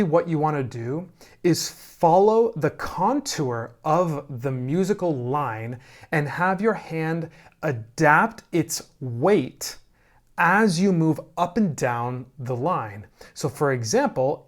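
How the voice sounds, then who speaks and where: A man teaching piano, calmly explaining phrasing and often checking in with "right?". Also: a little high. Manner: calm, slow explaining with frequent "right?" checks. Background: piano playing.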